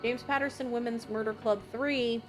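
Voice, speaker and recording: A woman's voice: fairly high pitch, fairly even intonation, moderate pace, soft background music. A woman streaming a game live, chatting casually with her viewers, swearing freely and reading game lines aloud. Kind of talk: casual live-stream commentary while playing.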